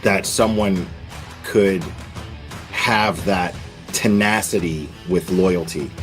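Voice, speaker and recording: A man's voice: deep voice, slow, soft background music. A young man hosting his channel, ranting heatedly and profanely with stammering restarts. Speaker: channel host. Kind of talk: casual vlog rant.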